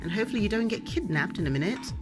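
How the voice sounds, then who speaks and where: A woman's voice: mid-range voice, expressive, racing, over music. A young adult woman, a mother playfully teaching her child words with toys, sing-song and making animal sounds. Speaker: parent teaching Shona words.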